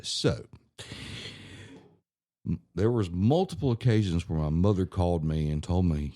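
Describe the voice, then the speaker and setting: Very deep-voiced man telling a story. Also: lively intonation, a little slow, pauses often, dark tone, no echo, clean studio sound. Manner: profane, laughing storyteller acting out family quotes. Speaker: podcast co-host. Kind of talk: casual storytelling chat.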